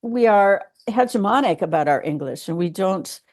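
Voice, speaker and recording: A woman's voice: medium pitch, animated, normal speed, darkish tone. A woman co-hosting a podcast, chatting casually with wry, opinionated remarks. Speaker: podcast co-host. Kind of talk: casual chat.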